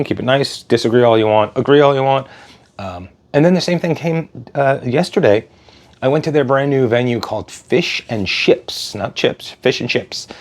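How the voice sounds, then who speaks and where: Male vlogger, slightly low voice, loose chatty delivery with lots of ums and restarts. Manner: rambling, chatty, with frequent fillers and restarts. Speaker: cruise travel vlogger. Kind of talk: casual spoken review.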